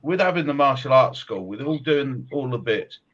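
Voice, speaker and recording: Animated man, dull lo-fi sound. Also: mid-range voice, moderate pace. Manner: animated storyteller, laughs often. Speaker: podcast host, martial arts coach. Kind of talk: casual chat.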